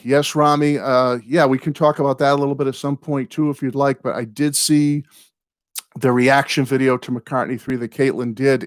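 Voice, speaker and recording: An older American man in his sixties hosting a live viewer chat, in a medium voice recorded dry and close. He talks like a rambling storyteller, drifting off into long tangents. He apologizes often and speaks warmly to his regulars. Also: mid-range voice, no room sound. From United States. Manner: apologetic, warm toward viewers. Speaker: host.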